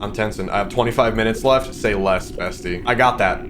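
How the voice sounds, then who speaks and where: A man's voice: lowish voice, a little fast, background noise. Jokey nervous man doing gameplay commentary. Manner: jokey, nervous, chatty, calls characters bestie. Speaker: streamer.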